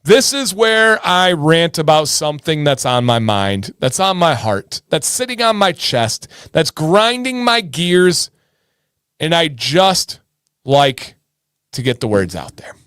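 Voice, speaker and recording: A male livestream host with a fairly high, bright-edged voice talks casually to his chat, calling out viewers by name and answering their questions. His sound is dry and close, with no room echo around it. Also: sing-song, slow, clear, resonant tone. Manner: hypes and greets viewers by name, reads chat aloud.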